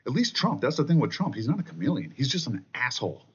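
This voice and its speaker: A man ranting angrily and profanely about politics, loud and contemptuous. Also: medium pitch, wildly swooping pitch, fast talker, breathy edge, muffled recording. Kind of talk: angry political rant.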